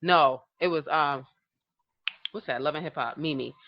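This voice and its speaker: Her voice is deep and a little slow, with no room sound and a dull tone to the audio. This woman, a podcast co-host in casual conversation, laughs a lot, acts out quotes and tells her stories with animation.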